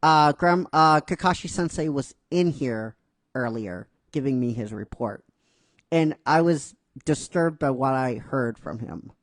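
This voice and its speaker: A man's voice: mid-range voice, measured pace, dry recording, clean studio sound, natural voice. A man voicing an older woman village leader who scolds with mock seriousness. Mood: mock scolding.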